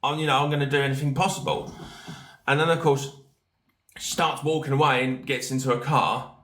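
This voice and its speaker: A man's voice: mid-range voice, steady tone, brisk, fairly bright tone, slight background noise. Rambling man in an echoey room. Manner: rambling, many fillers and restarts. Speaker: podcast host. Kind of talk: casual storytelling while reading chat.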